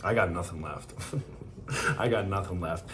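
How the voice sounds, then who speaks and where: A man's voice: sits low, a little slow, a bit bright. A man hosting a podcast, delivering a fervent, emotional motivational monologue. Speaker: podcast host. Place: hotel room.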